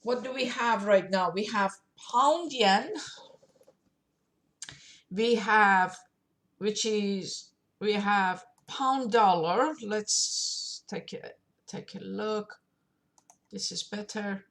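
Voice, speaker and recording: Slow, pausing woman trader thinking aloud. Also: mid-range voice, a bit bright. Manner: talks to herself while clicking through charts, with many pauses and fillers. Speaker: forex trader streaming her trades. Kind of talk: live screen-share trading commentary.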